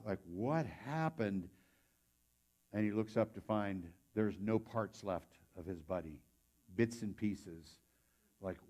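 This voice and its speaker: A middle-aged man preaching a sermon in a conversational, storytelling way, acting out the people he quotes with sudden loud outbursts. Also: medium pitch. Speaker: pastor. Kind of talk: sermon with acted-out stories.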